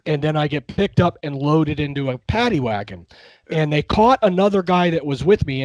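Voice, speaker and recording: A man in his fifties, a podcast guest telling stories in a relaxed, wry way. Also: a little high, no echo, low-quality recording. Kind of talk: casual storytelling.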